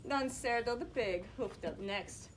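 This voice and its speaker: A woman reading a picture book aloud to children, expressive and asking them questions. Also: fairly high pitch, measured pace, a little hiss or hum.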